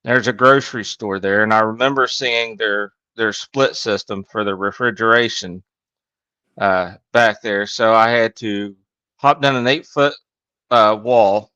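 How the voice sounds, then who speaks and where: Wry storytelling man, bright dry voice. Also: on the low side, clean tone, dry recording. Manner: self-deprecating, wry. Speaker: podcast co-host, HVAC technician. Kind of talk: casual storytelling. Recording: dull, dry lo-fi audio.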